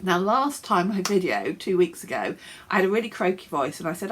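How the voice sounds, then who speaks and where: A woman's voice: on the low side, sing-song, fairly quick, fairly bright tone, slight background noise. An English woman hosting a knitting podcast, sounding a bit snuffly and chatting casually from her home office with fillers and small laughs. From England. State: snuffly, coughing. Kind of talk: casual show-and-tell chat.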